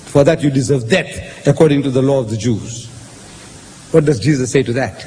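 A man arguing his case in a public religious debate, animated and lecturing, acting out the lines he quotes. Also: medium pitch, normal speed. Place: debate hall. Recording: echoey hall, faint background noise.

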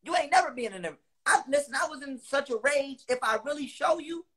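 A man delivering a heated, profane monologue to his viewers. He repeats lines for emphasis, with loud bursts between lower, quieter stretches. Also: animated, fairly quick. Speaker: online speaker.

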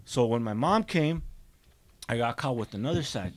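A man's voice: mid-range voice, animated, normal speed. Man telling a raw street story. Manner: streetwise slang, many restarts, drops Spanish. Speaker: podcast guest. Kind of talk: casual storytelling.

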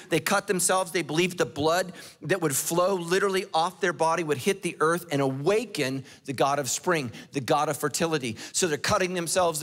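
A middle-aged pastor delivers an animated sermon. His voice sits fairly high for a man, and he acts out the characters in the story. He fires questions straight at the congregation.

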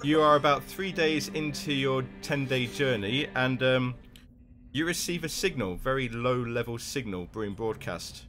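A man narrates a tabletop role-playing session as its game master. His voice sits in a middle register, and he sets scenes in a relaxed, unhurried way with frequent chuckles. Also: mid-range voice, over music. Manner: easygoing, laughs often, unhurried scene-setting.

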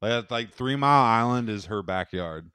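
A man's voice: medium pitch, expressive, normal speed, sharp tone, clear, resonant tone, no echo. A young man co-hosting a podcast, talking in a loose, profane, rambling way and laughing at his own bits. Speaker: podcast co-host. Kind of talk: casual chat.

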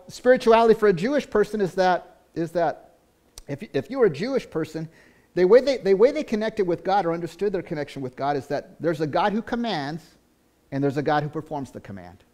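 Male pastor, sermon delivery, high voice, earnest, repeats and restarts, loud-to-hushed swings.

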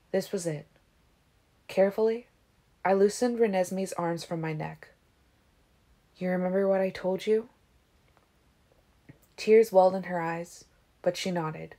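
Soft-voiced woman reading a novel aloud. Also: on the low side. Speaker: audiobook reader.

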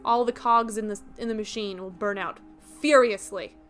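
A woman's voice: medium pitch, steady tone, fairly bright tone, soft background music. A young woman streaming a game, chatting casually and laughing as she riffs on her viewers' jokes. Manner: chatty, giggly, quick to riff on jokes.

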